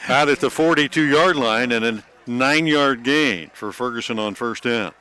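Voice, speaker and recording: A man giving play-by-play for a high school football game, calling each snap quickly and joking like an auctioneer. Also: pushed and bright, a faint crowd. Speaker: play-by-play announcer.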